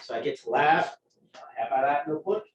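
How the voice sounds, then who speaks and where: A man teaching a chemistry class, telling a profane, animated story to his students. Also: fairly high pitch, fairly quick, muffled recording, noisy background. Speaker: chemistry instructor. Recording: echoey room, from far off.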